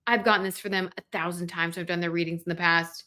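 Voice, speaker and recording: Fast and sharp, with a low-leaning voice and little pitch movement, a young woman hosts a tarot reading livestream. She reads out viewer comments and chats casually, filling her speech with "like."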